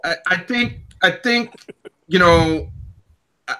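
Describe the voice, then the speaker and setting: A man with a somewhat high, bright voice. He talks on a casual online radio panel in halting, exasperated bursts and drops slang and curses as he goes.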